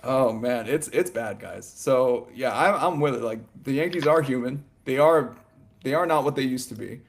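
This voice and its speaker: A man co-hosting a sports podcast, talking in a loose, animated ramble full of "like" and "you know" and quick laughs. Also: mid-range voice, vocal fry, slight background noise. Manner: laughs often mid-sentence. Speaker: podcast co-host. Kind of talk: casual sports chat.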